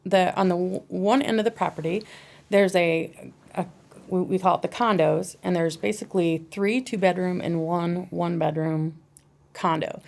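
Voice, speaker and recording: Casting: a woman with a slightly low voice, a practical small-business owner, matter-of-fact with halting restarts. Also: steady tone, vocal fry, darkish tone. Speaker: bar and grill owner, guest. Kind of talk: casual podcast interview.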